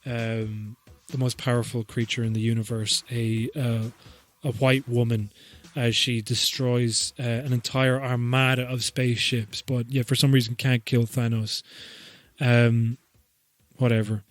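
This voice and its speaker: Brief: guy, mid-pitched, loose, sweary comedic podcast rambler. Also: flat delivery, unhurried, no room sound. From Ireland. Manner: profane, rambling, joking, laughs often. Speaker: podcast host.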